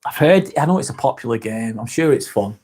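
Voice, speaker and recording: A man's voice: mid-range voice, expressive, brisk, dark tone, husky. A man hosting a casual live chat, reading viewer comments aloud, laid-back, laughing often and swearing freely. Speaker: livestream host.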